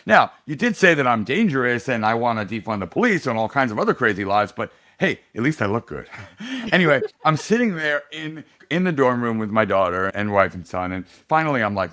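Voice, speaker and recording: Speaking briskly in a lowish voice, a middle-aged man campaigning for office shares an anecdote on a laid-back podcast. He's lively throughout and laughs a lot.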